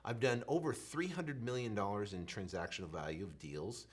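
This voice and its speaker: A real estate coach in his thirties shares his story in a lively, motivational style, reenacting his own stammer and shifting between loud and soft. His voice is on the low side and slightly rough, at a moderate pace.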